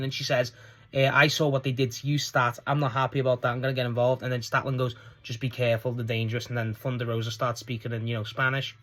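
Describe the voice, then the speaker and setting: A man's voice: mid-range voice, a bit bright. Rambling man reviewing wrestling. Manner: rambling, swears often, laughs at the show. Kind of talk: casual solo review.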